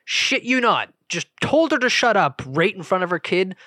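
A man's voice: high-pitched, very animated, normal speed, sharp tone, no room sound, clean studio sound. A man hosting a podcast, telling a rambling, profane story in a casual monologue. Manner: rambling, profane, self-interrupting. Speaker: podcast host.

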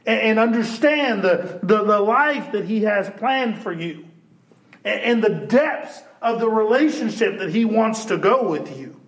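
A man preaching a sermon in a church, animated and shouting at times, then dropping to a hush. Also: high voice. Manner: animated preaching, swinging from loud to hushed. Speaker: pastor. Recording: echoey church room.

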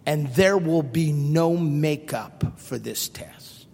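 A man voicing a stern female schoolteacher who speaks flatly and deliberately, in a long hall reverb. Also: a little high, creaky, slightly rough, voice pushed down, exaggerated voice.

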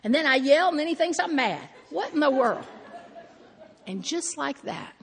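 A woman's voice: high-pitched, expressive, moderate pace, long reverb tail, a faint crowd. A woman preaching a sermon, telling stories animatedly and acting out her own thoughts.

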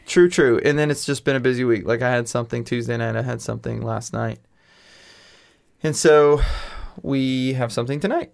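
A young man co-hosting a casual podcast, upbeat and joking as he rambles through updates. His voice has a gravelly, fry-heavy edge at an ordinary, middle pitch. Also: steady tone, moderate pace. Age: young adult. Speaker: podcast co-host. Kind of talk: casual chat.

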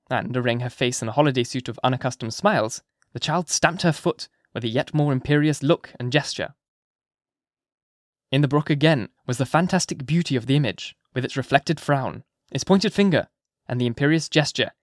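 A man narrates a classic novel in a measured, expressive way. His voice sits at a middle pitch. The recording is close and dry, with no room sound. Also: dry recording. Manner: measured, expressive literary reading. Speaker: audiobook narrator.

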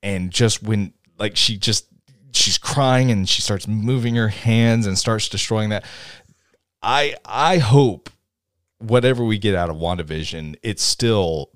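Deep-voiced man, eager rambling podcaster. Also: unhurried, no room sound, clean studio sound. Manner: rambling, eager, many restarts. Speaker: podcast co-host. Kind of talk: casual chat.

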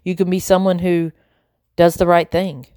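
A woman reading aloud, voicing an upset young boy who pleads with and shouts at his father. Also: on the low side, level tone, normal speed, no echo, clean studio sound, lightly acted.

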